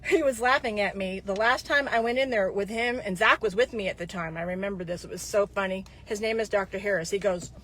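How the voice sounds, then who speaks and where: A woman's voice: medium pitch, a little fast, hardly any pauses, fairly bright tone, a little hiss or hum. A woman in her fifties talking casually to her viewers, rambling from one story to the next, with frequent digressions and restarts. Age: 50s.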